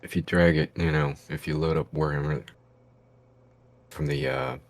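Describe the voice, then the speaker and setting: A man's voice: extremely low pitch, fairly even intonation, normal speed. A man player in a tabletop game, laid-back and chatting casually.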